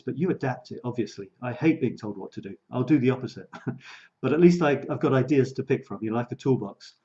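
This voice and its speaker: A man's voice: medium pitch, mellow, highs cut off. A man giving a casual live-streamed coaching talk, chatty and self-mocking, laughing often and repeating words as he goes. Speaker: creativity coach.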